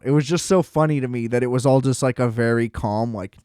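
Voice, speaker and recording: A man talks through a film in a casual review chat, his pitch sitting in a middle range. His delivery is loose and joking, with plenty of swearing. The recording is dry and close, with no room echo. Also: fairly quick, few pauses, a little mellow, clear, resonant tone. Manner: loose, profane, joking recap with laughs. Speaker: film review show host.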